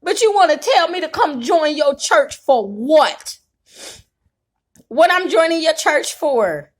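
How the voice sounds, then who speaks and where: A woman's voice: high voice, expressive, slow. A woman vlogger, venting in an impassioned, preacher-like way and crying at times. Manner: impassioned, tearful, preacher-like cadence. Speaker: YouTube vlogger. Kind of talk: emotional venting monologue.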